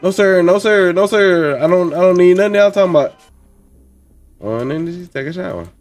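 A man's voice: high-pitched, animated, brisk, a little mellow, faint music behind. Young man chanting game commentary. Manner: repeats lines in chanting bursts, talks along with the game. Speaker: gaming channel host. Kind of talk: let's play commentary.

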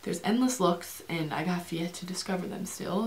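A young beauty vlogger with a lowish voice talks fast to camera, rambling through a product review with lots of fillers and restarts. Slight background noise is present.

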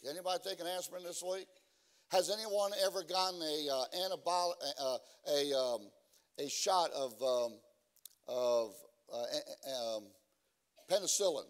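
Halting preacher man swelling into shouts. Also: a little high. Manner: halting with many fillers, building to shouted emphatic preaching. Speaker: guest preacher. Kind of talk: sermon. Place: church.

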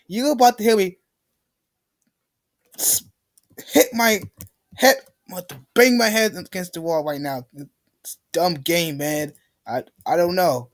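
A man's voice: sits high, measured pace, pauses often. A young man giving let's play commentary, ranting in frustration and pleading with the game. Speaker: gamer.

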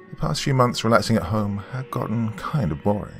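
Man, horror story narrator, very deep, animated delivery. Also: fairly quick, few pauses. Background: faint background music.

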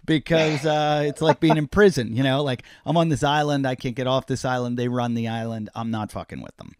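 A middle-aged man hosting a podcast, a comedian who tells animated stories and acts out the dialogue. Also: mid-range voice, moderate pace, clear, resonant tone, no room sound, clean studio sound. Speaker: podcast host; stand-up comedian. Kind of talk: casual podcast chat.

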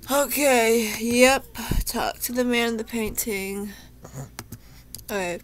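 Tearful and shaken, this young gameplay streamer talks to herself in chatty, emotional let's play commentary. Her voice is fairly high-pitched and slow, with slight background noise.

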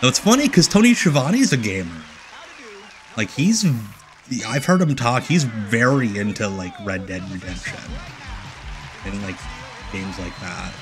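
A man's voice: lowish voice, expressive, measured pace, a bit bright, faint music behind. Joking man riffing on old wrestling. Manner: rambling, joking asides, frequent restarts. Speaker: stream host riffing on old wrestling shows. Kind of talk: casual commentary chat.

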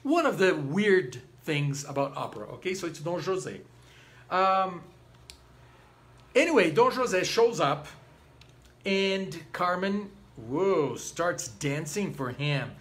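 A Brazilian man gives an informal talk about an opera, animatedly acting out the characters and humming snatches of arias. His voice is high-pitched, and he takes his time.

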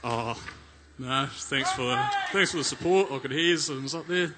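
Quiet hesitant young man. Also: medium pitch, moderate pace, very noisy. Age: young adult. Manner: quiet, hesitant, few words. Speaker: competitor being interviewed. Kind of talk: short answers in interview.

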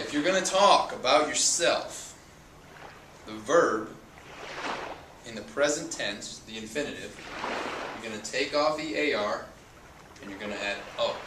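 A man teaching a Spanish lesson, patiently repeating and spelling out words as he explains verb endings. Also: mid-range voice. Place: outdoors at a beach. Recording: roomy, distant mic with loud noise.

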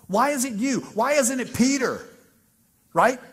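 A man preaching a conversational sermon as pastor, acting out biblical dialogue with lively asides. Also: very high voice, unhurried, husky.

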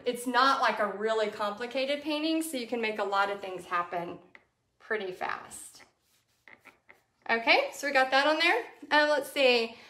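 Texan woman, slightly high voice, rambling talk while painting, echoey room; friendly painting teacher. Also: a bit bright. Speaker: painting instructor. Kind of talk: live painting tutorial chat.

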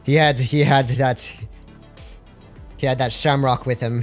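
A young man doing live gameplay commentary on a stream, excitable and slangy, joking and talking to his chat. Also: medium pitch, measured pace, faint music behind.

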